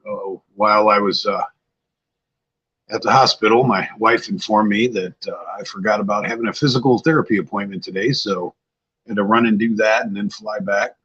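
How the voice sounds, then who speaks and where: A man's voice: lowish voice, fairly bright tone, husky, muffled recording. An older man hosting a casual livestream, tired and a bit scatterbrained, chatting loosely with viewers. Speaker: livestream host. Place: outdoors-like spot at home.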